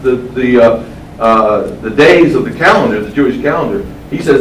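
A man preaching a sermon. He stresses key words by slowing down and asks the audience questions. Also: medium pitch, lively intonation, slight background noise. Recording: echoey room, mic at a distance.

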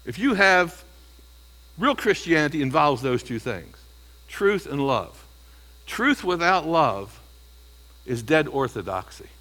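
A man preaching through a passage verse by verse, his voice pitched a little high with a bright, forceful edge. He talks to the congregation conversationally and keeps checking in with "okay?" and "you see.". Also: sing-song, takes it slowly, pauses often, poor audio. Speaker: pastor. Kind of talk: expository sermon.

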